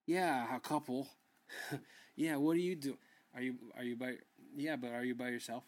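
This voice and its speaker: A man hosting a comic cooking show in a mid-pitched voice, rambling and tripping over his words. He swears freely and turns drunkenly quarrelsome. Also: steady tone, normal speed. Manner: rambling, stammering, drunkenly argumentative; heavy swearing. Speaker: comedy cooking show host. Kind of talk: comedy sketch monologue.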